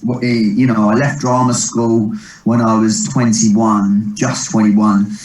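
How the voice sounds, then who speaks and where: A man, a comedian telling rambling stories in a relaxed interview, quick to laugh. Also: lowish voice. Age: 30s. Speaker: comedian and impressionist guest. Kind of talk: casual interview chat. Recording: echoey distant mic.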